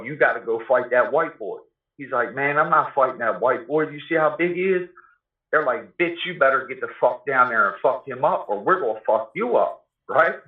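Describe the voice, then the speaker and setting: A man tells a story in casual, profane street talk, full of "you know what I mean". His voice sits at an ordinary pitch. The room echoes, and the sound is narrow and tinny like a phone call. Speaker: guest telling his life story.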